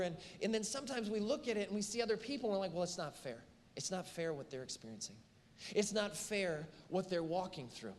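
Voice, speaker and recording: A man preaching a sermon as pastor, telling animated stories and acting out the voices of the people in them. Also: fairly high pitch. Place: church auditorium. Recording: church hall reverb, faint ambience.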